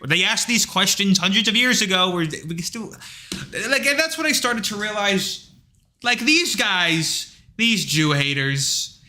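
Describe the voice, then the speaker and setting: A man's voice: high voice, measured pace. A man hosting a livestream, talking in a rambling, casual rant full of fillers and blunt asides. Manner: rambling, filler-heavy, animated retelling; blunt, with occasional profanity. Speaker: livestream host.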